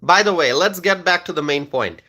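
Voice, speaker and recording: A man hosts a casual live stream about politics, reading out viewer comments and replying in a loose, rambling way. His voice is slightly high and very bright, and he keeps tagging his sentences with "okay?". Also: expressive, normal speed.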